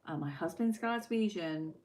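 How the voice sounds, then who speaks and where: A woman chatting on her livestream, voice sitting a little low, with a faint hiss of noise behind her. She answers viewer comments in a loose, chatty way and drops the odd swear word. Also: moderate pace, darkish tone, low-quality recording. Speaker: livestream host. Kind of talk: casual live-stream chat.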